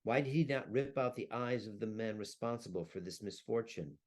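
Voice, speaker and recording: Old saddle maker in grief and fury, hurling curses, read aloud by a man in a lowish voice. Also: normal speed, darkish tone, close to an everyday voice. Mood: grieving. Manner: lamenting, rising to furious curses. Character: elderly grieving Jewish saddle maker, bitter, cursing.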